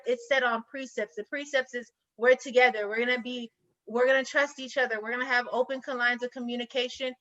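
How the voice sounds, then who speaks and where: High bright insistent young woman. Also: muffled recording. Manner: insistent, lecturing, talks over others. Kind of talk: heated panel debate.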